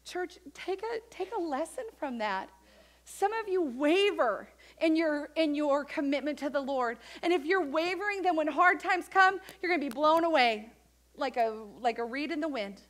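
High-voiced woman preaching a sermon. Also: normal speed. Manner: animated, acts out quoted voices of Mary and others. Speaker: pastor. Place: church.

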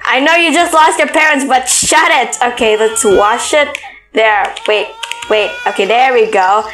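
Excitable high-voiced woman gamer. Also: moderate pace, a little hiss or hum. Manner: excitable, squeals and scolds the game baby. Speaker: let's play gamer. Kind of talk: casual gameplay commentary. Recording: roomy echo.

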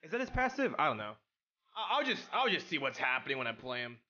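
A young man streaming a video game, chatting casually with his chat in an excitable, slangy way. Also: mid-range voice, quick pace, dull audio. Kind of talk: casual live-stream chat while gaming.

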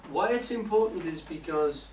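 In a distant, roomy recording with a faint hiss, a male lecturer addresses a live indoor audience about poetry. His voice sits on the high side and is animated, at a normal speed, as he explains step by step and regularly checks in with listeners.

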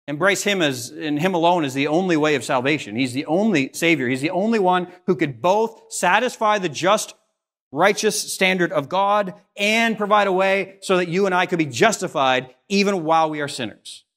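Earnest Canadian man preaching a sermon. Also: moderate pace. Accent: Canadian English. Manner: earnest preaching, rising on questions and dropping low and soft on solemn lines. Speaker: pastor. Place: church sanctuary.

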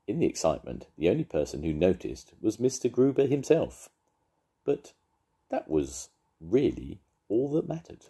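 An older man, a grandfather, reading a children's story aloud in a lively, expressive way. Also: low-pitched, normal speed, husky.

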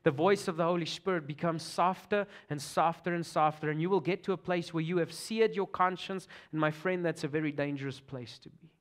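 High-voiced South African pastor preaching. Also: male voice, fairly quick, hardly any pauses. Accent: Afrikaans South African. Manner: swings from loud urgent preaching to hushed near-whispers. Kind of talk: sermon.

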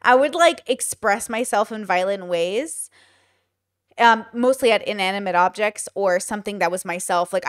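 A woman in her thirties hosting a podcast, telling stories in casual chat and acting out what people said, with lots of fillers. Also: mid-range voice. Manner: chatty storytelling, acts out quoted lines, many fillers. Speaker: podcast host.

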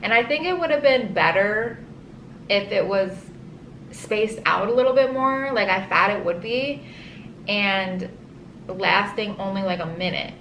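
Animated woman telling a story, roomy. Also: medium pitch, a little slow, muffled recording. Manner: animated, dramatic, says "like" often. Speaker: vlogger telling her birth story. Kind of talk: casual storytelling. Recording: roomy echo with faint ambient hiss.

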